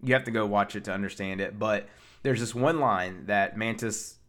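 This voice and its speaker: A man with a slightly low voice talks through a film's plot in a loose, chatty recap. He rambles, piles up fillers and restarts his sentences. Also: moderate pace, a bit bright. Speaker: pop culture reviewer. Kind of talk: casual film recap.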